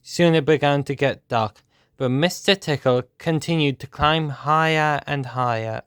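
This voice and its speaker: A man reading a children's storybook aloud at a steady, measured pace. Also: on the high side, clear, resonant tone, no room sound, studio quality.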